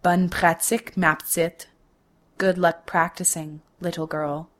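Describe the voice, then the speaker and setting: A woman's voice: on the low side, little pitch movement, a little slow, close to an everyday voice. A woman voicing a condescending middle-aged French-speaking man from Quebec who snorts his words, in a spoken story. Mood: mocking.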